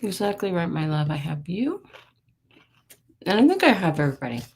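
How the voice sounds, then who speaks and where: A woman's voice: on the low side, big pitch swings, fairly quick, creaky, a little mellow, husky. A middle-aged woman hosting a psychic live stream, chatting casually and greeting viewers by name. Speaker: psychic livestream host.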